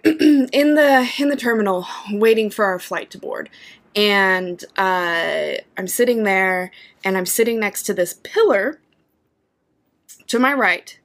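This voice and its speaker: A woman co-hosting a casual chat, telling stories with lots of laughter and acted-out reactions. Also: medium pitch. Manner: animated, laughs often, acts out her own reactions.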